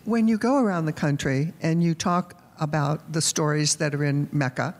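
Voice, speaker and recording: A man in the audience asks a hesitant, halting question. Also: on the high side. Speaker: audience member asking a question. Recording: distant in an echoey hall, faint noise.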